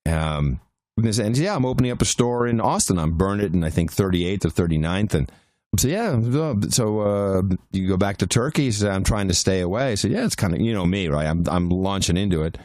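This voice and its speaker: A man's voice: deep voice, expressive, a little fast, a little mellow, dry recording, studio quality. A man co-hosting a podcast, telling a long travel anecdote in casual chat with frequent restarts and fillers. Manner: rambling anecdotes with many restarts. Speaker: podcast co-host.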